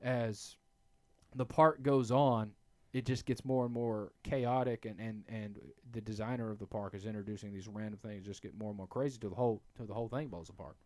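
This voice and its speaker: Podcast host guy, rambly, lots of restarts, sudden loud bursts, dead dry close mic. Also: on the low side, steady tone, brisk, dry recording. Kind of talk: casual podcast chat.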